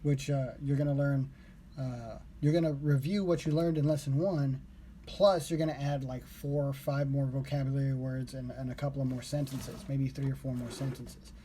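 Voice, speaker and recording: Rambling to camera, this male language learner vlogger explains what he learned, using fillers and self-corrections. He speaks at mid pitch and a moderate pace with fairly even intonation and a dark tone, and there's a little hiss or hum.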